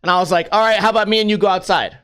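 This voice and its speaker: A middle-aged man with a fairly high voice tells a long story in a casual vlog. He rambles and swears freely, with an animated, storytelling delivery. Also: rapid-fire, clean tone. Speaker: vlogger.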